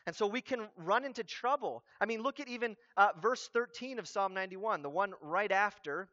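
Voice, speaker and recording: High-voiced animated male preacher. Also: brisk. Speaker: pastor. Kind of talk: sermon. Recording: dull lo-fi recording.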